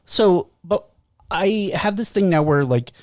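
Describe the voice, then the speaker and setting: Male podcast co-host, lively pitch, dry close mic, animated storyteller doing pet voices. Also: a little slow, dry recording. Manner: animated storytelling, acts out his cats' voices. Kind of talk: casual chat.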